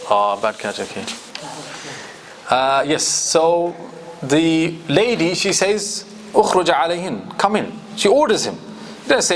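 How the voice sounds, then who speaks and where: A man gives a classroom lecture on scripture, his fairly high voice moving a lot as he explains each point and puts questions to the students. A faint hiss sits under the recording. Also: very animated, unhurried, pauses often. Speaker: Quran teacher.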